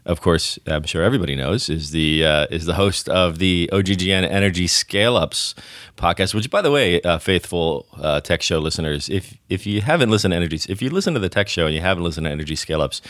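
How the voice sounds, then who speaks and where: A man with a deep morning voice hosting a casual podcast chat, rambling with restarts and fillers. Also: expressive, fast talker, fairly bright tone, dry recording, clean studio sound. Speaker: podcast host.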